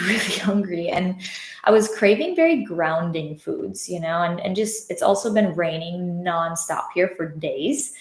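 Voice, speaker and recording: A woman's voice: medium pitch, creaky, darkish tone, reverberant. A woman hosting a casual live-stream podcast, telling a personal story in a candid, reflective way with frequent fillers. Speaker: podcast host and love coach. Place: indoors at home, live on social media.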